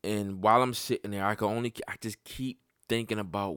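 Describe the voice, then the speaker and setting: A man hosting a podcast, telling a personal story in casual, profane talk that climbs sharply in pitch when he gets worked up. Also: brisk, hardly any pauses, clean tone, dry recording, clean studio sound. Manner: animated and profane, voice jumping up when heated. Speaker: podcast host.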